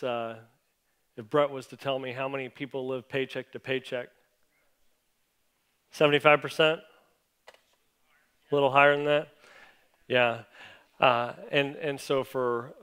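A man's voice: medium pitch, clean tone. A male pastor responding to a testimony and moving into his sermon, encouraging and building to fervent praise. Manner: warm encouraging, rising to fervent exhortation. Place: church sanctuary.

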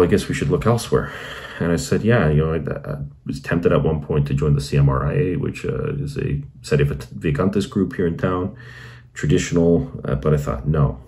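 A man's voice: a bass voice, warm tone. A married man hosting his channel, earnestly recounting his conversion story in a casual, reflective way with many fillers and restarts. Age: adult, married. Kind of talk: casual personal testimony.

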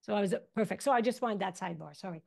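A woman in her fifties, an acupuncturist guest, chatting casually and telling animated stories in which she acts out what people said. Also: medium pitch, racing, gravelly. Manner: animated storyteller, acts out quotes. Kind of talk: casual interview chat.

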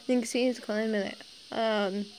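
A woman's voice: on the high side, steady tone, moderate pace, a little mellow, slight background noise, poor audio. A woman casually reading fan fiction aloud, chatty and giggly, breaking off for side comments.

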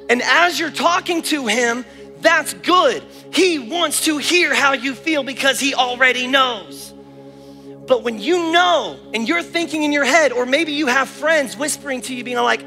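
Bright high-voiced man preaching to kids. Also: moderate pace. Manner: animated, energetic, acts out little prayers in different voices. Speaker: kids camp speaker. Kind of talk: lively preaching to children. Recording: echoey hall with faint music.

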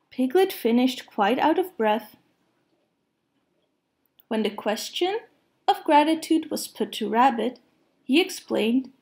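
A woman reads a children's storybook aloud, slow and gentle. Her voice sits a little high and she never hurries. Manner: gentle, unhurried.

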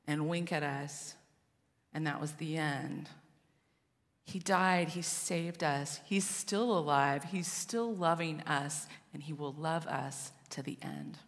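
A woman pastor preaching a sermon as a story, swinging between loud passages and hushed ones, recorded in a church sanctuary. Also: deep voice, long reverb tail.

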